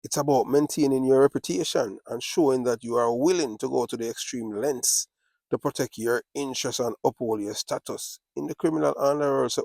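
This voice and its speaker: A man's voice: medium pitch, fairly quick, creaky, darkish tone, no room sound, studio quality. A man with a Jamaican accent, talking in a casual monologue with repetitive, boastful, patois-laced street talk.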